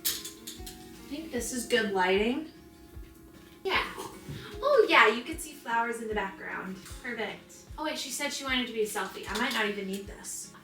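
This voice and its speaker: Bubbly bright-voiced young woman vlogging. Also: a little high, moderate pace, long pauses, soft background music. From North Carolina. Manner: bubbly, excitable, talkative. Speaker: singer-songwriter vlogger. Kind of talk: casual vlog chat. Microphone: camera or phone mic.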